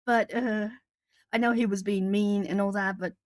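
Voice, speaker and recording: A woman's voice: medium pitch, fairly even intonation, normal speed, no room sound. Woman from south brazil, portuguese first language, rambly chatty stream talk, dry close sound. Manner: chatty, rambling with frequent fillers and laughs. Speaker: art livestream host. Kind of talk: casual chat with live chat.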